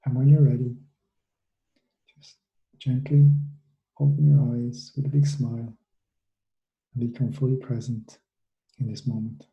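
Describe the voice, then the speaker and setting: Man, guided meditation coach, soft unhurried instructions, slow pace, echoey room. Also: medium pitch, little pitch movement, creaky, muffled recording. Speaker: mindfulness coach for students.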